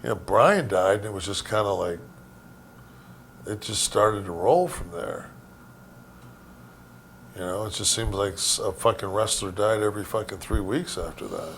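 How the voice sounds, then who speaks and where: A man recalling old friends in a halting, reflective way, swearing often. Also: fairly low pitch, creaky, fairly bright tone, slight background noise. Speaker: wrestling guest recalling stories. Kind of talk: casual storytelling.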